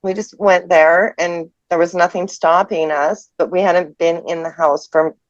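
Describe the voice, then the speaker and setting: A tearful woman in her fifties telling a personal ghost story in a halting, emotional way. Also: on the low side, steady tone, dry recording. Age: 50s. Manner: halting, emotional, restarts mid-sentence. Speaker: person sharing a ghost experience. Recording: dull lo-fi dry audio.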